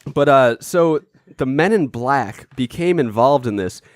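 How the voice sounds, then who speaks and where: A man co-hosting a casual comedy podcast, rambling through the story and doubling back on himself. His voice is close and dry, with no room sound, and his pitch sits in the middle for a man. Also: animated, a little slow, dry recording. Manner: rambling, self-interrupting storyteller. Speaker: podcast co-host.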